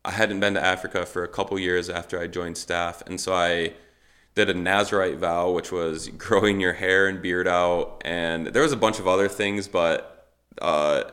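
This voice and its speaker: A man in his thirties, a missionary, telling his life story casually and acting out the conversations with lots of fillers. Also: deep voice. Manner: animated storytelling, acts out quoted dialogue with many fillers. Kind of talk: casual personal testimony.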